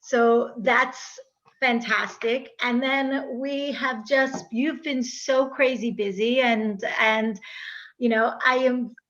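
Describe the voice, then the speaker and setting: A woman's voice: fairly high pitch, steady tone, takes it slowly, fairly bright tone. A woman with an American accent hosting a casual podcast interview, chatty and gushing, with many fillers and restarts. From United States. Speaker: podcast host. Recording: dull lo-fi recording.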